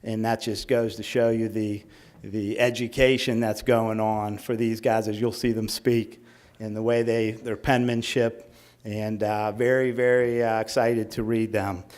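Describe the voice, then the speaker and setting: A middle-aged man coaching a school football team hands out awards at a banquet. His voice is smooth and resonant and his pitch stays flat and even. He draws out each player's name and wanders into friendly asides. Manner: announces names slowly, rambling asides with fillers.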